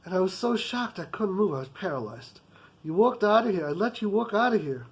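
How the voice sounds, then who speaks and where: A man's voice: sits high, expressive, a little fast, vocal fry, slightly rough, exaggerated voice, low-quality recording. A man voicing a rich, hot-tempered business boss who talks in an intense, emphatic way. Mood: remorseful.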